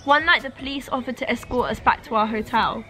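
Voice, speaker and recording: Fast, bright-voiced young woman. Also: on the high side. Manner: chatty, animated storytelling. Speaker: YouTuber host. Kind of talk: casual chat.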